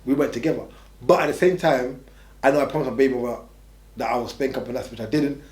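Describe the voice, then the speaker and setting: Fast-talking blunt man, roomy sound. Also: medium pitch, fairly even intonation, darkish tone. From England. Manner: blunt, rambling, restarts a lot. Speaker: interviewee. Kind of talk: candid storytelling. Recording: roomy echo.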